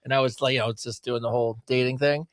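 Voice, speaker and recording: A man's voice: mid-range voice, fairly even intonation, rapid-fire, dry recording. Man in his forties, dry close sound. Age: 40s. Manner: laughs easily, frank anecdotes, says bro. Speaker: podcast co-host. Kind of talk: casual chat.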